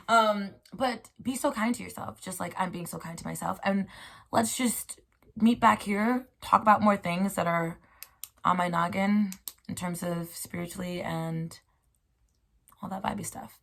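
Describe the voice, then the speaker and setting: A woman's voice: medium pitch, measured pace, creaky, fairly bright tone. A woman hosting a casual solo chat about spirituality, rambling and playful, with slangy, encouraging talk to her listeners. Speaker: host.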